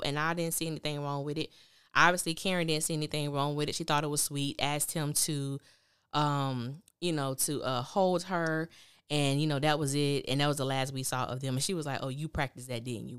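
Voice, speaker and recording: A woman with a low, fairly bright, clear and resonant voice hosts a podcast recapping a TV drama. She offers candid, opinionated casual commentary and acts out the characters' lines, recorded with studio quality and no room sound.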